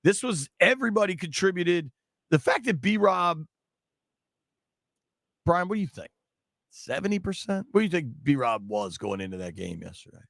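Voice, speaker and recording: A man hosting a sports radio show, chatting excitably with callers and his co-host in a studio. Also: high voice, moderate pace, vocal fry, long pauses, no room sound. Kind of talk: sports talk radio chat. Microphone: studio microphone.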